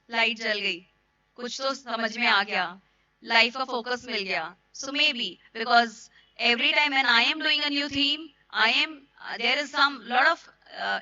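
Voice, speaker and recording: Hoarse Indian woman principal addressing parents. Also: a little high, bright, forceful tone, dry recording, muffled recording. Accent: Indian English. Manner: switches between English and Hindi. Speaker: school principal. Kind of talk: speech at a school event.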